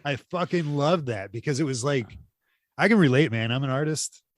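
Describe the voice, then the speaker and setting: Dude gushing on a podcast, cusses a lot, dry mic. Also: male voice, mid-range voice, moderate pace, no room sound. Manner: enthusiastic, swears freely, quotes people in animated voices. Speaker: podcast co-host. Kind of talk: casual movie podcast chat.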